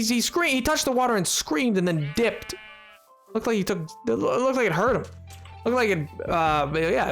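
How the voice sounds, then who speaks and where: A streamer giving playful, chatty live commentary to chat while playing a game, indoors at a desk microphone. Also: mid-range voice. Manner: playful, chatty, self-mocking.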